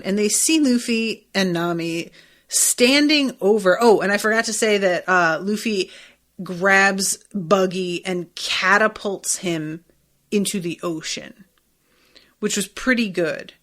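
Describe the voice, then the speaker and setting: A woman hosting a podcast, talking casually and quickly through a recap. She swears freely, scatters "like" and "um" everywhere and acts out little quoted lines as she goes. Her voice sits at an ordinary middle pitch. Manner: chatty, profane, animated retelling with quoted asides. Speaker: podcast host.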